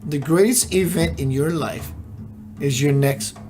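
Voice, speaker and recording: On a live stream with music underneath, a spiritual teacher speaks slowly and musingly in a mid-range voice. Rhetorical questions abound, and viewer comments from the chat get read out.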